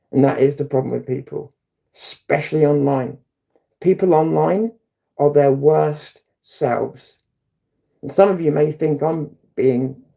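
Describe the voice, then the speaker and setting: A man's voice: on the high side, vocal fry, warm tone. A middle-aged man, hosting a livestream and ranting bluntly, with heated swearing. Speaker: livestream host.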